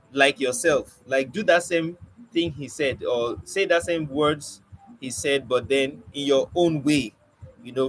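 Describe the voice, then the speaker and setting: A man teaches poetry in a relaxed, conversational way, pausing and restarting as he hunts for words. His voice sits a little high for a man. A faint noise stays underneath the recording. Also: low-quality recording. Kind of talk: informal spoken lesson.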